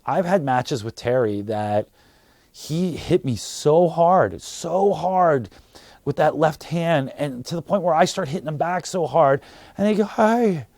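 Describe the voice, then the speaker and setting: Wrestler, animated interview anecdote, high pitched, dry recording. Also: male voice, a little slow, no room sound. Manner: animated, acts out quotes.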